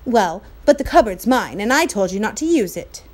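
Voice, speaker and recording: A woman's voice: mid-range voice, very animated, moderate pace, a little mellow. A woman voicing an earnest, stubborn young boy who speaks firmly, close to her own voice. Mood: insistent.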